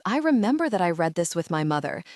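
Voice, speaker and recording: An earnest young queen presses her case, guarded but sincere. A woman reads her in her own low voice in a dry, close audiobook recording. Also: sing-song, fast talker, a little mellow, no room sound.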